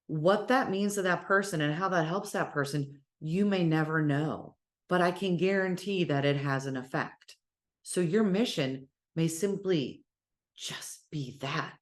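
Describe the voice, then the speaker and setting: A woman teaching casually about spirituality, speaking in an animated, encouraging way and sometimes cheering in playful voices. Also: low voice, a little slow. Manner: warm encouraging address.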